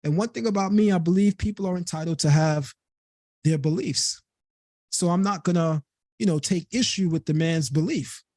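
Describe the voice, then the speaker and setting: Heard in dry, studio-quality audio, this young Caribbean-descended man has a slightly high voice with a darkish tone. Hosting a late-night live stream of heated commentary, he hammers his points home by repeating himself and leaning hard on words.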